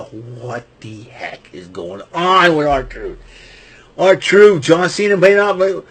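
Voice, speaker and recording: A man giving a rambling, casual wrestling recap, chuckling often and filling pauses with ums and restarts. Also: fairly high pitch, lively intonation, fairly bright tone, slightly rough.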